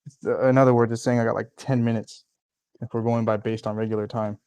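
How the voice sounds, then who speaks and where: Hurried easygoing man, dry sound. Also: fairly low pitch, level tone, dark tone, clear, resonant tone, no echo. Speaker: PC builder. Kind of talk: casual chat while working.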